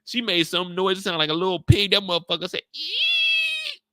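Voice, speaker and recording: A man's voice: high-pitched, steady tone, fast, sharp tone, clean tone, dry recording, clean studio sound. A man hosting a show recap in loose, slangy live commentary, laughing often and mimicking characters.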